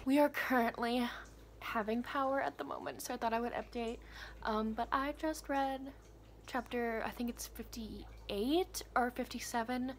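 A woman's voice: on the high side, unhurried, a little hiss or hum. A young woman with a Southern US accent, chatting casually in a book vlog, gushing with lots of laughs and "like". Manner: excited gushing with frequent laughs and "like". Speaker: book vlogger.

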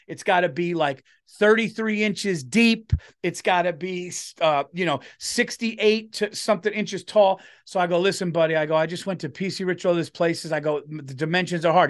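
On a podcast, a middle-aged comedian tells a story in casual chat, doing the voices of the people in it. He speaks in a high-pitched voice at a moderate pace.

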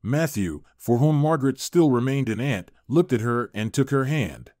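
A man narrating a dramatic family story in an even, steady reading voice. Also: medium pitch, moderate pace, hardly any pauses, no room sound, studio quality.

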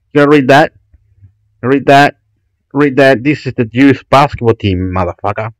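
A man rambling excitedly about websites in a vlog, loud, profane and repetitive. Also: mid-range voice, moderate pace, no echo, low-quality recording. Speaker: YouTube vlogger. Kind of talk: excited rambling screen commentary.

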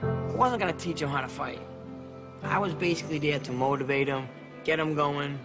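A former boxer from Massachusetts telling stories in a casual, halting interview. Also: male voice, on the high side. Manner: casual storytelling, halting restarts. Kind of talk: interview recollection. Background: music.

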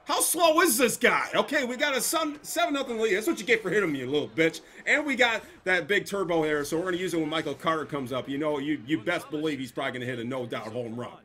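A young man giving casual, excitable gameplay commentary, cursing and trash-talking the opponents. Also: on the high side, quick pace, few pauses. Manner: excitable, profane trash talk. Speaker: gameplay streamer.

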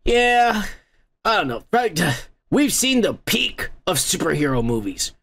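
A man's voice: high-pitched, big pitch swings, measured pace, fairly bright tone. A man hosting a comedy podcast, reading out viewer comments in a crude, rambling way full of profanity and mocking asides.

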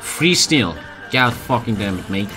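A man's voice: mid-range voice, expressive, unhurried, bright, forceful tone, soft background music. A man streaming a strategy game, joking crudely and swearing often. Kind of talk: live game stream commentary.

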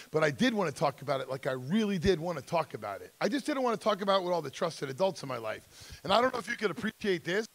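With a fairly high, sing-song voice and a quick pace, a middle-aged man recounts his life to students at a drug seminar. He's intense and emphatic, voicing the people in his story himself.

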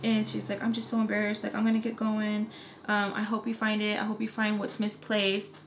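Animated woman telling a story. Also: medium pitch, fairly quick, a little hiss or hum. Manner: animated storytelling with casual slang and cursing. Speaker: makeup artist and beauty vlogger. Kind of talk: casual story time.

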